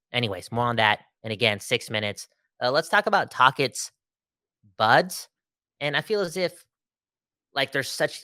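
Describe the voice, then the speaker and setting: A man co-hosting a casual sports podcast, joking and animated, with lots of fillers and restarts. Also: mid-range voice, no echo, studio quality. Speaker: podcast co-host.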